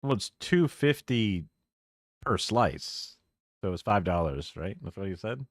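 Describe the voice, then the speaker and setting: A man's voice: deep voice, very animated, a little slow, no echo. A man streaming live, reacting to a video with rambling, musing remarks and profane asides.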